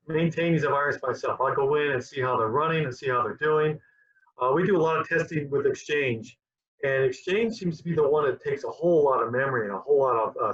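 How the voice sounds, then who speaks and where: A slightly high, fairly bright voice with a breathy edge belongs to a QA director being interviewed conversationally as a guest. He rambles and often repeats himself, heard through a dull lo-fi recording.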